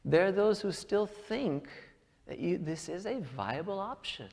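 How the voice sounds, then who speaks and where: A man's voice: sits high, expressive, unhurried, gravelly, darkish tone. A man preaching a sermon to a congregation, telling personal stories and building to emphatic points. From United States. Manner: storytelling, rising to emphatic peaks. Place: large church hall. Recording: long reverb of a church hall.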